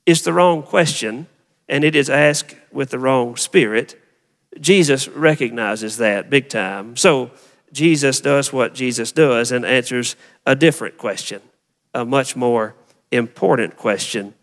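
A man's voice: medium pitch, unhurried, fairly bright tone, in a large hall. A man preaching a sermon as a pastor, talking to the congregation in an easy, conversational way and often asking them questions.

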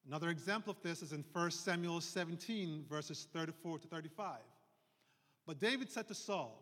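A male pastor preaching a sermon, explaining scripture and slowing down on key phrases. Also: on the high side, fairly bright tone. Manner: explanatory preaching, slows for emphasis, occasional fillers. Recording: long hall reverb.

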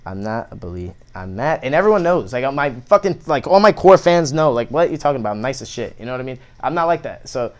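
A man's voice: mid-range voice, fast talker, few pauses. A young man telling a story in casual chat, swearing a lot and acting out the lines of the people in it. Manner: profane, animated, acts out quotes.

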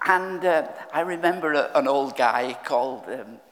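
An older man preaching a sermon in a church, speaking in an unhurried, halting way with many restarts. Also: mid-range voice, fairly bright tone. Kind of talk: sermon with altar call. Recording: long hall reverb.

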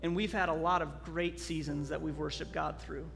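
A man preaching a sermon as a pastor, telling a story earnestly with halting restarts, in a church sanctuary. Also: fairly high pitch, level tone, gravelly, fairly bright tone. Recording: long hall reverb, faint music.

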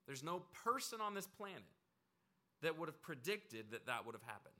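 A pastor preaching a conversational, emphatic sermon. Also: male voice, a little high, sing-song, moderate pace, pushed and bright.

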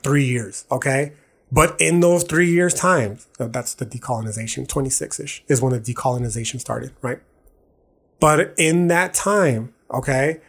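A man, hosting a podcast and telling a personal story in casual, confessional talk full of slang and restarts. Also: a little high. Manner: casual slangy talk, says "dog" and "bro" often; earnest, confessional, with many restarts. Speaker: podcast host.

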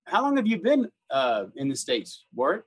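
Man, host asking quick questions, high voice, husky. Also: huge pitch swings, no room sound. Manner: brief questions. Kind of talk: casual interview.

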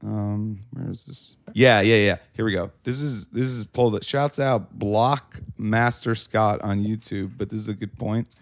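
A man's voice: fairly low pitch, a little slow, hardly any pauses. A man hosting a podcast, talking loosely about a film with friends, rambling and restarting his thoughts. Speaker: podcast host. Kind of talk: casual movie discussion.

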